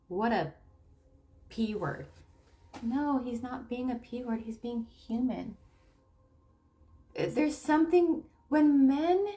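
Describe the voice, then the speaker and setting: Slow, halting woman with a higher voice. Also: a little mellow. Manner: slow, halting, with many restarts and fillers. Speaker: tarot reader and spiritual coach. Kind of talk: casual monologue to camera.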